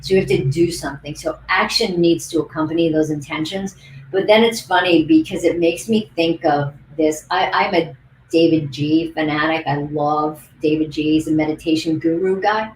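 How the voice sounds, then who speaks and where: A woman coach co-hosting a casual livestream, telling lively stories on a video call. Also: sits low, normal speed, roomy sound, a little hiss or hum, poor audio. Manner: lively anecdotal storyteller. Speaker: coach and co-host.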